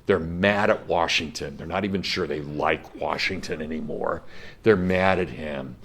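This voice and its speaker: A man with a low, deep voice lecturing on history to a class. He tells the story emphatically and with feeling, and he is middle-aged. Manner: animated storytelling, emphatic, gets emotional. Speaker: history professor.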